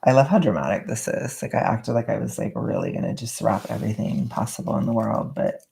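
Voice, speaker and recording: A young woman vlogging at home, chatting casually and rambling in a soft-spoken way while she wraps gifts. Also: very deep voice, wildly swooping pitch, brisk, vocal fry, breathy edge.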